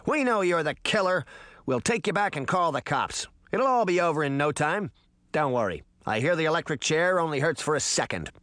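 A man's voice: fairly high pitch, expressive, a little fast, a bit bright, no echo, clean studio sound, voice pushed up. A man voicing a brash boy trickster who mocks and taunts. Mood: mocking. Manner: mocking, swaggering.

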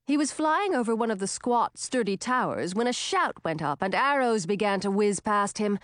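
A woman reading a storybook aloud in steady, scripted narration. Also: mid-range voice, moderate pace, no echo, clean studio sound. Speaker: audiobook narrator.

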